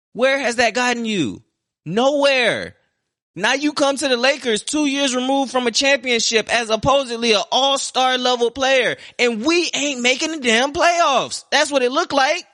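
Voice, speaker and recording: Young male podcast host, forceful bright voice, profane sarcastic sports rant, dry close sound. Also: high voice, dry recording. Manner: heated, profane, sarcastic ranting. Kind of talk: ranting sports talk.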